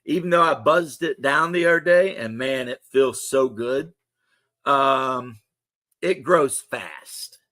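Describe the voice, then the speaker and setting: A man's voice: medium pitch, slow, bright, forceful tone. A man in his thirties hosting a livestream, chatting loosely and joking with viewers. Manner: loose, rambling, joking banter. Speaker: livestream host. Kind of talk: casual chat to stream viewers.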